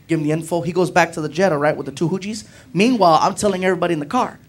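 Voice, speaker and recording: A man doing stand-up comedy, telling a story in an animated, jokey way. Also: on the high side, racing, hardly any pauses. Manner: animated, jokey, acts out friends' voices.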